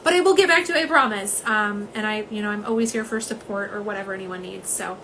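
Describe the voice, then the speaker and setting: A woman, chatting casually and warmly through a nail polish livestream at home, with lots of "um"s. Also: mid-range voice, fast talker, slight background noise, low-quality recording. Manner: chatty, many "um"s, says "y'all".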